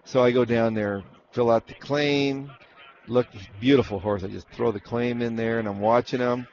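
Gravelly man spinning rambling racetrack yarns. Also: mid-range voice, fairly even intonation, moderate pace, a little mellow, muffled recording, slight background noise. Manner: rambling anecdotes with acted-out quotes and restarts. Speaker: racehorse trainer telling stories. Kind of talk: casual storytelling interview.

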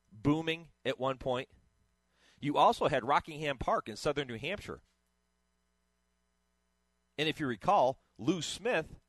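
A man hosts a morning radio talk show in a friendly, conversational manner. His voice sits at an ordinary pitch, recorded close and dry in a studio. He moves easily between facts and a light chuckle. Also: fairly bright tone, no echo.

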